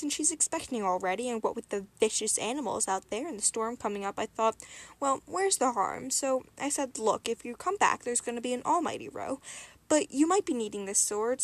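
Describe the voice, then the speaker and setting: Brief: woman reading as a fretful male angel in an audiobook, anxious and hesitant, apologetic, voice on the higher side. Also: no echo. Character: fussy, worried male angel.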